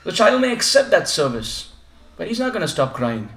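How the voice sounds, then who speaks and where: A man gives a devotional talk to a home gathering, his voice sitting high and swinging widely as he tells a story. He acts out passers-by with a lively storytelling manner. The room around him rings with echo. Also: normal speed. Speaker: visiting preacher.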